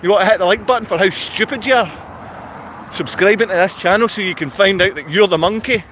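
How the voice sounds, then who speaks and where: A man with a piercing, very high voice rants at his viewers in a livestream. He hurls insults and yells as he talks, tense and forceful throughout. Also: fairly quick, a little hiss or hum. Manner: ranting, insulting, yelling at viewers. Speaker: vlogger. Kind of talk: angry livestream rant. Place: outdoors in his town.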